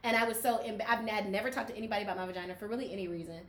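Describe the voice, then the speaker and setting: A woman's voice: mid-range voice, racing, reverberant, slight background noise. A woman co-hosting a podcast, telling stories and acting out the voices of others. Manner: animated storyteller who acts out quoted voices. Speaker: podcast co-host. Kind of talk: casual chat.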